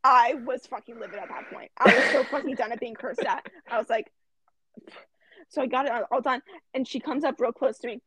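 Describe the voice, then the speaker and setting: A teenage girl co-hosting a podcast, telling an animated work story and swearing freely. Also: fairly high pitch, a little fast, noisy background. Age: teens. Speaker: podcast co-host. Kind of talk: casual chat.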